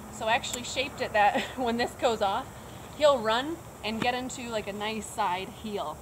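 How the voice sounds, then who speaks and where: A woman's voice: fairly high pitch, background noise. A woman dog trainer casually explaining her method outdoors, chatting as she works. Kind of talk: casual instructional talk. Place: outdoors, quiet snowy open area.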